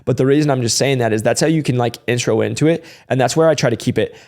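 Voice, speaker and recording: Man, young adult, sales trainer, casual advice monologue, energetic, conversational, mid-range pitch. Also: quick pace. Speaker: sales trainer and channel host.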